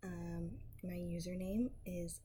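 A woman from the upper Midwest of the United States doing a casual accent challenge, slipping between a soft whisper and her normal voice, with giggles and frequent ums. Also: lowish voice, little pitch movement, takes it slowly, slight background noise. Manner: frequent ums and self-corrections. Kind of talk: casual accent challenge reading a word list.

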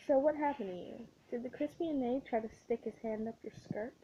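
A woman's voice: on the high side, brisk, lo-fi sound, a little hiss or hum, lightly acted. A woman voicing a blunt, foul-mouthed young woman roommate who mocks her friend. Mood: mocking.

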